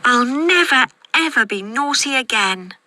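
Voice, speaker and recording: A reader voicing the naughty little girl Goldilocks in a storybook, with light, breathy asides. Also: high voice, animated, unhurried, distant mic, background noise, voice pushed up.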